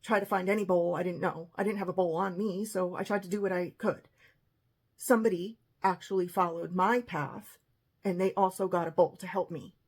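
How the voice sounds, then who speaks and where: Husky woman telling a personal story. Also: on the low side, fairly even intonation, brisk. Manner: emotional, quoting others in retelling.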